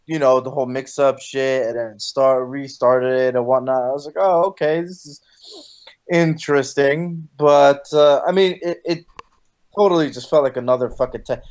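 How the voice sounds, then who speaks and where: A man's voice: medium pitch, steady tone, normal speed, a little mellow. A man on a casual review panel, laid-back and sarcastic, swearing often. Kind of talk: casual wrestling review chat.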